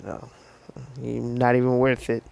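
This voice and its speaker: Teen boy hero, cool, dismissive, short replies, slightly gravelly, voiced by a man. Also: mid-range voice, completely flat delivery, slow pace, a little mellow, no echo.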